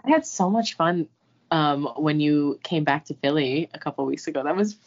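A woman joins a casual podcast chat as a guest, friendly and chatty. Her voice sits low for a woman but swings widely and expressively in pitch. The audio is muffled and lo-fi. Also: lively intonation, normal speed.

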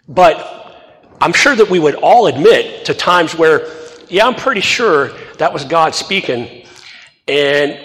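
A man's voice: high voice, a bit bright. Man preaching in a reverberant hall. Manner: earnest storytelling with light humor. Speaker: pastor. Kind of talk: scripture reading and sermon.

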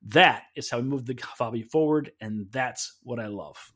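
A man's voice: mid-range voice, normal speed, a bit bright, slightly rough. A man co-hosting a podcast, sharing opinions with casual enthusiasm. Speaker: podcast co-host.

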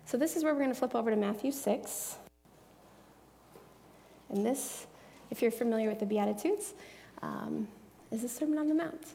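Woman Bible teacher, slightly high, gravelly and warm; earnest, chatty delivery in a reverberant space. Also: moderate pace, slight background noise. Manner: earnest, chatty, drops into soft hushed asides. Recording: long echoey reverb.

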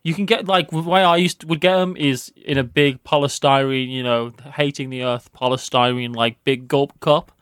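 A young British man from the West Midlands with a softened accent, chatting casually as a podcast co-host in a rambling, quick way. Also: medium pitch, fairly even intonation, smooth, no room sound, clean studio sound. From West Midlands, England. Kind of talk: casual chat.

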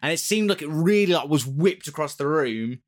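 A man's voice: fairly high pitch, a little fast. Rambling man telling a story. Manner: rambling and animated, swears, laughs often. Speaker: podcast co-host. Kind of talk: casual storytelling chat.

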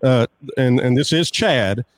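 A man with a mid-pitched voice steers a casual podcast chat. He sounds relaxed and keeps the talk moving along. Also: a little slow. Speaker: podcast co-host.

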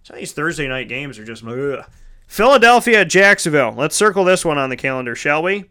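A man's voice: a little high, sing-song, fairly quick, bright, forceful tone. A man hosting a casual solo sports talk show, chatty and rambling, correcting himself mid-sentence and calling his listeners folks.

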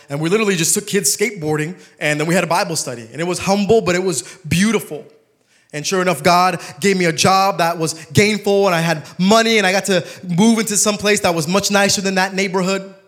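A young man preaching a sermon, telling stories with humor and turning soft and emotional. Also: high voice.

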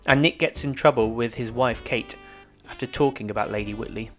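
A man's voice: medium pitch, fairly quick, fairly bright tone, soft background music. A man hosting a podcast, recapping a TV episode in plain, matter-of-fact narration. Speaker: podcast host.

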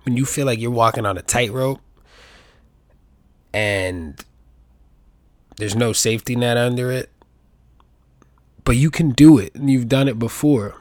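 A man's voice: medium pitch, a little slow, pauses often, darkish tone, no echo, studio quality. Rambling, profane young man podcasting. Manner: profane, rambling, jokey asides. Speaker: podcast host. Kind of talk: casual rambling monologue.

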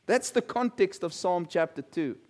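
A man's voice: high-pitched, lively intonation, moderate pace, a little mellow. A male pastor preaching a sermon and reading scripture, talking conversationally and putting questions to the congregation. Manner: conversational, asks the congregation questions, repeats words.

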